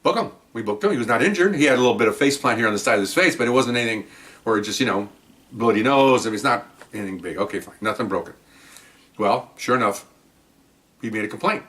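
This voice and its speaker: Fast-talking with a mid-range voice, a retired police officer of Mexican-American background recounts a story to the camera. The older man acts out people's lines with animation and keeps asking "okay?"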